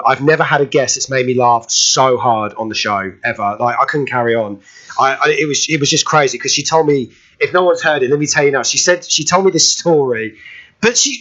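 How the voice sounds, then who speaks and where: A British man hosting a radio show in casual chat, excitable and quick to burst out laughing. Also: fairly high pitch. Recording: dull lo-fi radio audio.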